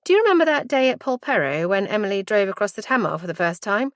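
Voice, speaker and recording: A woman narrating a first-person audiobook in a measured, intimate and reflective way. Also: mid-range voice, sing-song, no room sound, studio quality.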